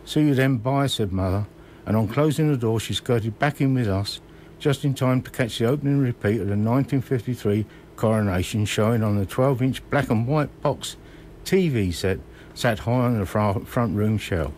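Older man reading his memoir, low voice. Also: normal speed, darkish tone, a little hiss or hum. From Kent. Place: radio studio.

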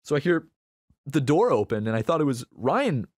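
A young man co-hosts a loose, joking podcast and tells stories in an animated way, breaking into loud laughs. His pitch swings widely from low to high. The sound is dry and close, with no room echo. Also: normal speed. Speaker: podcast co-host. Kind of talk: casual podcast banter.

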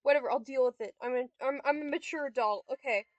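A woman's voice: high voice, fast talker, no room sound. A young woman giving casual gameplay commentary, swearing and snapping frustrated insults at a computer opponent. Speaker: gamer vlogger.

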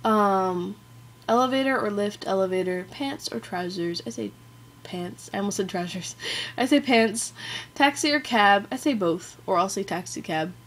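A woman chats into her webcam for a challenge vlog. She laughs at herself often and keeps filling her pauses with um and like. Her pitch sits right in the middle for a woman. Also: lively intonation. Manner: giggly, self-deprecating, filler-heavy. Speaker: vlogger. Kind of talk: casual accent challenge vlog.

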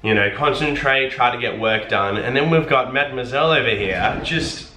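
A man's voice: mid-range voice, normal speed, sharp tone, echoey room. A young man vlogging casually, playful and teasing as he talks to the camera. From Australia. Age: young adult. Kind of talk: casual vlog chat.

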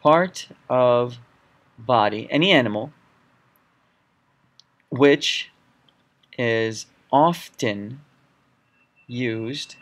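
A man's voice: mid-range voice, very slow, pauses often, fairly bright tone. A man teaching a lecture while writing on a board, stressing and repeating key words. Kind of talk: whiteboard lecture.

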